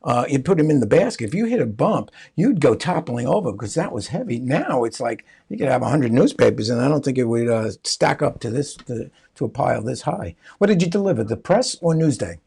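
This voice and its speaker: A man hosting an interview, chatting in a friendly, rambling way with halting restarts. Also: medium pitch, sing-song, gravelly, darkish tone, breathy edge. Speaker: podcast host. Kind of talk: casual interview chat.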